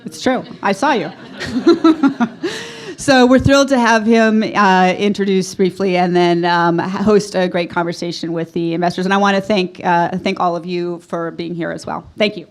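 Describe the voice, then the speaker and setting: A woman's voice: lowish voice, steady tone, moderate pace. A woman hosting a university forum, welcoming the audience and handing over to a panel in a playful, upbeat way. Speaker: event host. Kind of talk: welcoming event introduction. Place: university event room with audience.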